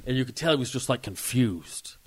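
A man in his forties, co-hosting a podcast, telling a story in a casual, animated way and acting out the shouts. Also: medium pitch, a little fast, husky. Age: 40s. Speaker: podcast co-host.

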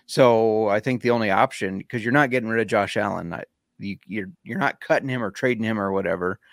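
A male podcast co-host in casual chat who argues his opinions in a measured way, with some casual swearing. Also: fairly low pitch, gravelly, dry recording, clean studio sound.

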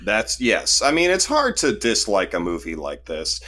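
A man co-hosting a casual film review chat, joking in a deadpan way. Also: lowish voice, moderate pace. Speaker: podcast co-host.

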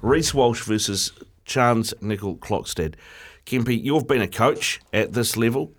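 A man hosting a radio show, reading listener texts and steering the talk briskly. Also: mid-range voice. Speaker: radio host.

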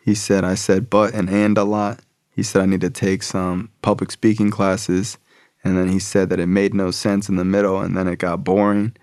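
A man's voice: sits low, little pitch movement, moderate pace, a little mellow, dry recording, clean studio sound. A young man telling a personal recovery story in a casual, profane way, full of slang and fillers.

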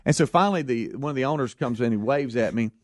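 A man's voice: mid-range voice, fast talker, no echo, studio quality. A middle-aged man, co-hosting and telling a rambling story, acting out the voices of the people in it. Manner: animated, acts out voices in his story, restarts a lot. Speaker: radio show co-host telling a story. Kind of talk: casual storytelling banter.

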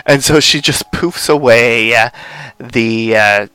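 Young male podcast co-host, smooth clear voice, dry close sound, rambling casual recap. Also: medium pitch, slow pace, bright, forceful tone, no room sound. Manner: rambling, lots of fillers, acts out quotes.

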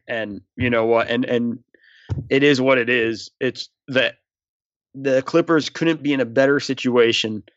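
A man's voice: mid-range voice, no echo, dull audio. A man, a former team staffer, talking as a guest in a casual interview, rambling with fillers. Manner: rambling, many fillers and restarts.

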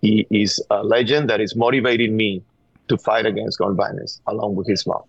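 In this call-in interview, a middle-aged man from Venezuela, a gun violence activist, speaks as a guest in a Venezuelan Spanish accent. His fairly low, slightly rough voice keeps a fairly even intonation at a moderate pace. He sounds earnest and urgent, repeating words as he pushes a point, over a dull, dry remote line.

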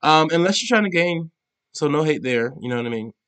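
A man's voice: fairly high pitch, expressive, fairly quick, a bit bright, smooth. A young man hosting a podcast, giving casual news commentary in a chatty, emphatic way, full of fillers, restarts and sassy asides. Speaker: podcast host.

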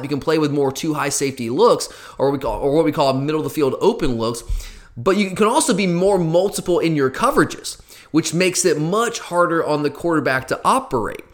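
Male podcast host, somewhat high voice, earnest solo explainer who circles back and repeats points. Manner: earnest, repeats himself, talks directly to listeners.

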